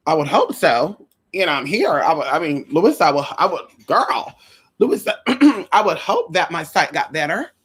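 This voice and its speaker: A woman with a fairly low voice chats on a relaxed livestream, sassy and lively, calling out to her viewers as honey and girl. Her greetings swoop up high, while her asides sink low. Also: unhurried, slightly rough. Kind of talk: casual livestream chat.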